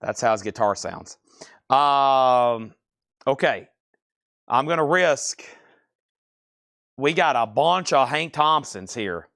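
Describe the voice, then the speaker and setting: A man's voice: mid-range voice, expressive, takes it slowly, creaky, long pauses, fairly bright tone, no echo. Chatty man selling records live, dry sound. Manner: chatty, thinks aloud while sorting and pricing records. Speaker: record seller hosting a live sale. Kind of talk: casual live sales patter.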